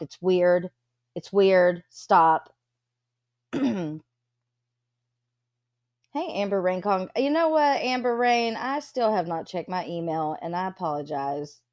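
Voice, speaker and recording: A woman's voice: on the low side, moderate pace, a little mellow, no echo, muffled recording. Blunt, profane woman streamer. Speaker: livestream host. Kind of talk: casual chat reading out viewer comments.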